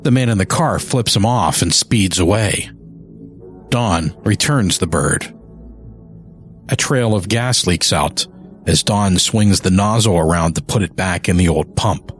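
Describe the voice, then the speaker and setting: A man narrating a scripted audio drama in a slow, measured storytelling manner. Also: low-pitched. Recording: music bed behind narration.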